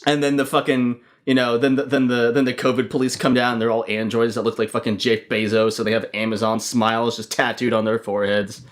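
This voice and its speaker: A man's voice: medium pitch, little pitch movement, a little fast, hardly any pauses. A young man hosting a podcast, spinning joking stories in profane, casual talk. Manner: storytelling, profane, laughing often. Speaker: podcast host. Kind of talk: casual chat.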